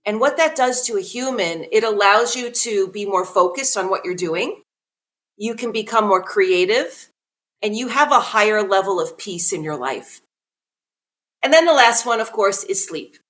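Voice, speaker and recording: A woman in her forties speaking as a wellness guest on a podcast, animated and laughing readily, often asking listeners questions. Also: medium pitch, normal speed. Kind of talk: conversational podcast talk.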